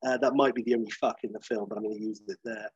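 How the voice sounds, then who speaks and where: A man casually pitching a film idea, rambling with many fillers and restarts. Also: steady tone, racing, slightly rough, dry recording, dull audio. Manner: rambling, full of fillers and restarts, acts out the characters.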